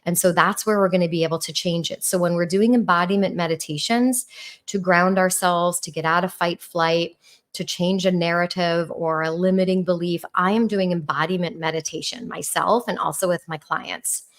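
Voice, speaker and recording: A middle-aged woman from New York with a New York accent, a relationship coach on a podcast speaking in a warm, calm tone with rising and falling intonation. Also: fairly low pitch, normal speed. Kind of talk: podcast talk.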